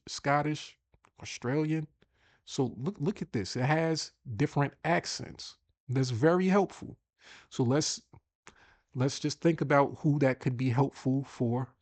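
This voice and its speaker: A man's voice: a little high, dry recording. A man hosting a casual screen-share tutorial, chatty and thinking aloud as he repeats himself. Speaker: host.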